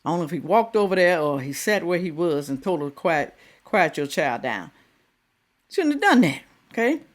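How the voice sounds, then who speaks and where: A middle-aged woman talks through a viral clip in casual commentary. Her pitch swings up and down constantly, and she keeps throwing questions at her audience. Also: normal speed. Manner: animated, fires rhetorical questions at viewers. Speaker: reaction video host.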